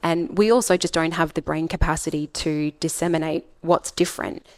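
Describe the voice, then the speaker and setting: A woman's voice: sits low, steady tone, fairly quick, no echo. A woman with an Australian accent, a public speaking coach talking emphatically in a podcast interview. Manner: emphatic, acts out example voices.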